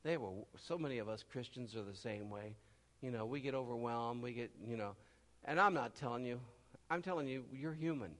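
A man preaching a sermon, swinging from loud cries to low murmurs and acting out the voices of people in his stories. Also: a little fast, long reverb tail.

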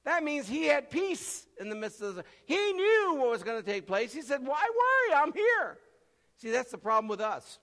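A man delivers a sermon in a high, bright voice that leaps widely up and down, crying out one moment and dropping to a murmur the next. He acts out the voices of the people in his story. The sound rings in the long reverb of a large church hall. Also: lively intonation, moderate pace, hardly any pauses. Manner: swings from loud cries to low murmurs, acts out voices. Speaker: preacher.

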